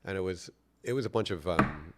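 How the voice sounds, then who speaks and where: A man's voice: deep voice, fairly quick, heavy background noise. A man from New York City, a company founder, telling stories as a guest in a casual interview, laid-back and profane, laughing often.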